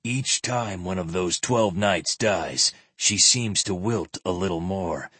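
A man reads as a grave, worried squire in a storybook reading, his voice dropped low and quiet. The tone is husky and breathy, close and dry with no room around it. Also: slow pace, dry recording, full character voice.

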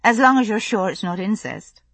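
A woman reading an audiobook, voicing a quick, sarcastic young woman in a lighter, brisker tone. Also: medium pitch, fairly bright tone, no echo, pitched above the performer's own voice. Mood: drowsy, wry. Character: young woman, quick, sardonic, worried lover.

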